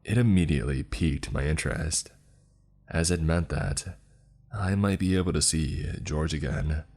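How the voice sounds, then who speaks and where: A man narrating a first-person horror story in a slow, measured, even storytelling manner. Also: rumbling low.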